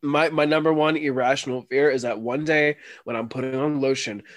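A man's voice: mid-range voice, fairly even intonation, a little fast, dry recording. Joking man with a dry close voice. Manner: joking, chimes in with short quips. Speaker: podcast co-host. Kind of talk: casual chat.

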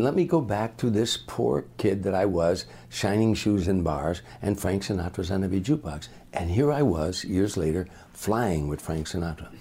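An older man, a comedian, telling lively anecdotes in an interview and acting out the people in them. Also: low voice, slightly rough. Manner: animated raconteur, acts out voices. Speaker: comedian guest.

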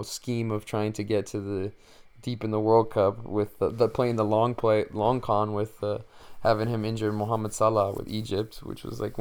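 A man's voice: fairly low pitch, darkish tone, smooth. A man hosting a podcast, chatting casually and rambling with lots of fillers and jokes. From Mexican-American. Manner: rambling, filler-heavy, joking. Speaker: podcast host. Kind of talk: casual solo chat.

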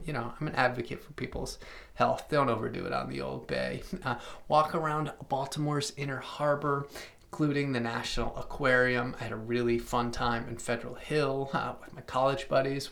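Gravelly-voiced man hosting a travel podcast. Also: mid-range voice, a bit bright. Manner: chatty, filler-heavy, with self-aware plugs and asides. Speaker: podcast host. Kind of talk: casual travel podcast talk.

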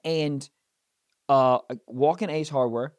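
A man on a podcast telling a comic story in casual chat, swearing and rising to loud, indignant outbursts. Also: medium pitch, fairly even intonation, slow pace, no echo. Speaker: podcast host.

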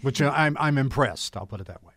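A man's voice: mid-range voice, lively intonation, quick pace, creaky, a bit bright, dry recording, studio quality. A man co-hosting a radio talk show, laid-back with short agreeing replies. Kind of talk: casual radio chat.

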